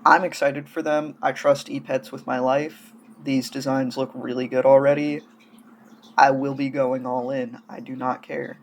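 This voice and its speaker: A man's voice: mid-range voice, flat delivery, unhurried, a little hiss or hum. A man casually gushing and rambling through hobby news in a vlog, coming down with a cold and sounding feverish. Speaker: doll-hobby vlogger.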